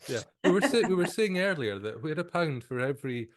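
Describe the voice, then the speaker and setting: A man co-hosts a podcast in relaxed chat. He slips in dry, wry jokes between his partner's longer stretches. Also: a little high, fast. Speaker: podcast co-host. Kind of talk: casual chat.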